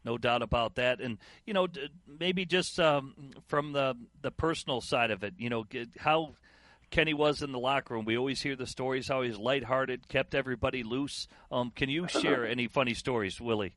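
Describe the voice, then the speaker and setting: A man's voice: mid-range voice, moderate pace, fairly bright tone, dry recording. A male radio co-host asking a guest for stories with a hesitant, friendly manner. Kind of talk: radio interview questions.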